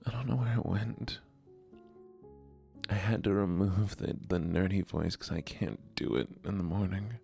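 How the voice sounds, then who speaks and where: A man's voice: low-pitched, normal speed, creaky, mellow, faint music behind, pitched above the performer's own voice. A man putting on a whiny, sulky, complaining voice for a livestream.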